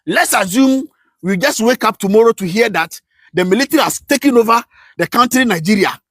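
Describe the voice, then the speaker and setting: Man, high-pitched, passionate political rant, rhetorical questions, shouts then mutters, live stream host. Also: expressive, fairly quick, no echo.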